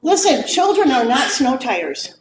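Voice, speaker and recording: Crowd noise and faint ambience fill an echoey room as a middle-aged woman with a high voice speaks at a measured pace. Addressing a group of mothers, she's frank and lively about her grief, performing the comments others made to her.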